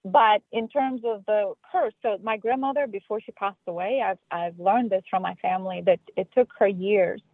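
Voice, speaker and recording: A woman's voice: mid-range voice, moderate pace, few pauses, no room sound. A woman speaking as a film guest on a radio interview, earnest and full of restarts. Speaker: filmmaker guest. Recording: tinny phone line.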